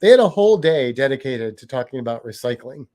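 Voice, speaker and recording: A man's voice: mid-range voice, big pitch swings, fast talker, warm tone. Guy cohosting a laid-back chat, rambles, keeps restarting his sentences. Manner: rambling, self-interrupting, frequent restarts. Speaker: podcast co-host. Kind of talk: casual chat.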